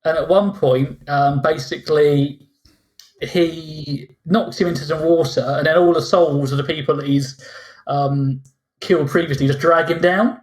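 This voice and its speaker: Exasperated man ranting, fairly high voice. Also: steady tone, a little slow. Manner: exasperated, mocking, acts out sarcastic reactions. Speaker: podcast co-host. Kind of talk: casual ranting film review.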